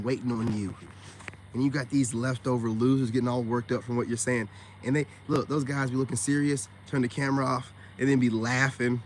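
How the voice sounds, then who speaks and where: A man's voice: mid-range voice, a little hiss or hum. A man on a casual livestream, talking bluntly and with profanity straight to his viewers, peppering his speech with "man" and "you know what I'm saying.". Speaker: online self-help streamer.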